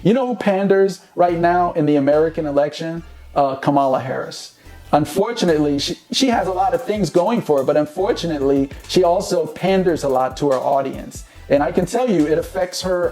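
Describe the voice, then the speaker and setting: A man's voice: on the high side, mellow. A man hosting a casual dating advice monologue, who keeps checking in with "you know what I mean?".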